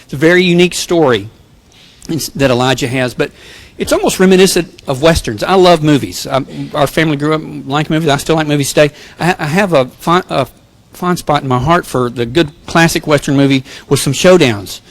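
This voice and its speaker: A man's voice: a little high, brisk. A male pastor giving a sermon, telling jokes and self-deprecating personal stories. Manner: joking, self-deprecating storyteller.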